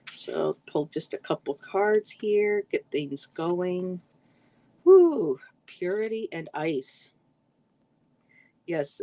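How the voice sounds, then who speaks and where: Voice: mid-range voice, darkish tone, poor audio. A card reader hosting a casual livestream, greeting viewers in the chat by name and now and then tripping over words.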